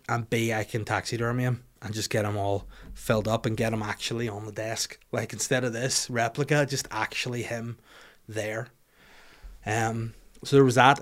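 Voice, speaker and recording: A podcast host from Northern Ireland, judging by his accent, speaks in a mid-range voice. Chatting casually, he tells a vivid, swear-filled anecdote that jokes at his own expense.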